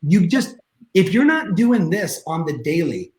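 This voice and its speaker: A man, a guest coach, telling a story in an energetic, emphatic way over a video call. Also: sits high, measured pace, roomy sound. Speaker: guest real estate coach.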